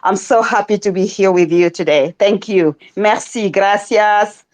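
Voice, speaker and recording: Halting Senegalese woman activist. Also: medium pitch, darkish tone. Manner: halting, repeats words, laughs often. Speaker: guest activist. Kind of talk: casual roundtable talk. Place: online audio room.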